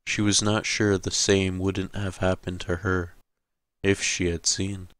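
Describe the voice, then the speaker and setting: A man narrating an audiobook in a measured, steady way. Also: low-pitched, dry recording. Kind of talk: scripted narration.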